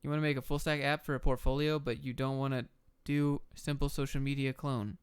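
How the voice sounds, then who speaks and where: A young man answering viewer chat questions on a live stream, giving quick, blunt, offhand answers. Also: medium pitch, little pitch movement, clear, resonant tone, no room sound. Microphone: camera and desk mic.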